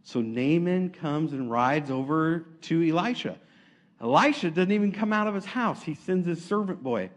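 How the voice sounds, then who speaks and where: A man preaching a sermon, retelling stories in a lively, casual way and acting out the quotes. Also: fairly high pitch, moderate pace.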